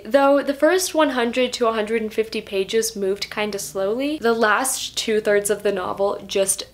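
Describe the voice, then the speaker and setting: A young woman chatting in a casual book review vlog, gushing and emphatic about what she loved and blunt about what she didn't. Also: a little high. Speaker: book vlogger.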